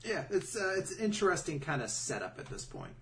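A man's voice: fairly high pitch, big pitch swings, brisk, a bit bright, a little hiss or hum. A man co-hosting a casual podcast chat, joking and laughing often. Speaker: podcast co-host.

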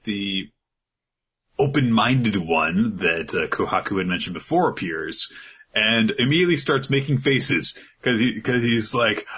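A man casually recapping an anime episode on a podcast, animated and laughing as he goes. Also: fairly low pitch, measured pace, slightly rough. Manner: animated, laughing, slips into character voices. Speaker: podcast co-host.

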